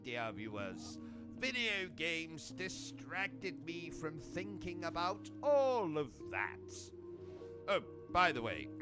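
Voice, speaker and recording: A man with a British accent hosting a gaming livestream, delivering pompous, insulting, deadpan absurd comedy. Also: on the high side. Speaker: gaming streamer host. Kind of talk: comedic in-character livestream monologue.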